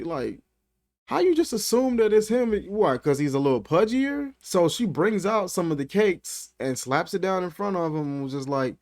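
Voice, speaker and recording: A man giving a casual movie review, animated and incredulous, talking in loose slang. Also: sits high, normal speed. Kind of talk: casual film commentary.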